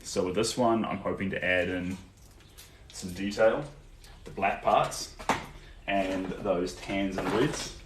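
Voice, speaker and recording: A man's voice: deep voice, slow, long pauses. A young man with a New Zealand accent, chatting casually and answering viewers while painting during a live stream. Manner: relaxed and chatty, many ums, answers viewer comments. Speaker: artist livestreaming a painting session. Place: indoor art studio. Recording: roomy echo, distant from the mic, faint background noise.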